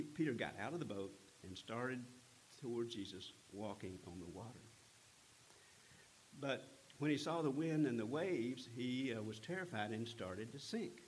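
A man preaching a sermon, retelling a scripture story in an earnest, unhurried way with frequent pauses. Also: mid-range voice, expressive, a little hiss or hum, low-quality recording. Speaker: pastor.

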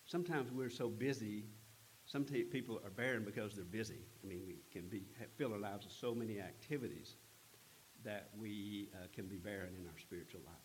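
A man preaching a sermon, retelling a scripture story in an earnest, unhurried way with frequent pauses. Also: fairly low pitch, slight background noise, rough recording. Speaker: pastor.

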